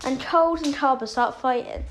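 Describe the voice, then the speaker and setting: A woman's voice: sits high, normal speed, slight background noise, rough recording. A woman casually retelling a fan story, rambling with many fillers.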